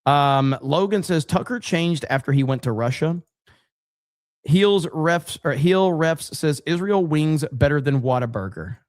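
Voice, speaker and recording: A man hosting a casual livestream podcast, easygoing and full of fillers as he reads viewer comments. His voice sits fairly high. The sound is dry and close to the mic, with no room behind it. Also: dry recording. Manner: laid-back and chatty, with frequent fillers. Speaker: podcast host.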